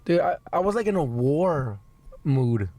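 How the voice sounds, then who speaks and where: A young man hosting a podcast, hoarse from a recent illness, rambling and swearing in casual chat. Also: on the high side, lively intonation, measured pace, mellow. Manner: rambling, laughing, swearing a lot. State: hoarse from being sick. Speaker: podcast host.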